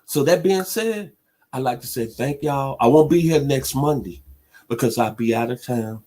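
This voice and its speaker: A man's voice: mid-range voice, lively intonation, normal speed. A man, hosting a sports talk radio show in an emphatic, heartfelt monologue. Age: 60s. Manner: emphatic, preacher-like delivery with heartfelt shout-outs.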